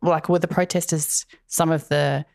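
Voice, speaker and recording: A woman's voice: deep voice, steady tone, normal speed, gravelly, a little mellow, no room sound, clean studio sound. A woman co-hosting a podcast, recapping a TV episode in a chatty, wry way and laughing often. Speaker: podcast co-host. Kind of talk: casual TV recap chat.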